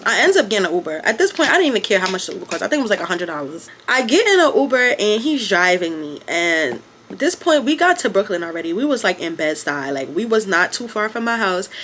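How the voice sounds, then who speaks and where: A young woman telling a casual storytime, quick and profane, full of "like" and acted-out quotes. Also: mid-range voice, sing-song, a bit bright, slight background noise. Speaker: vlogger.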